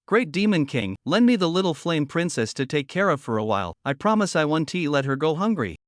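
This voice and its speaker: A man's voice: a little high, big pitch swings, a little fast, no echo. Bold playful young woman pestering her housemate, voiced by a man, slightly raised voice, dry close sound.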